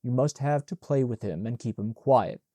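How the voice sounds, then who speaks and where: A man's voice: mid-range voice, moderate pace, dark tone, no echo, close to an everyday voice. A man voicing a fretful, prim mother who fusses and complains. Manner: fussy, prim.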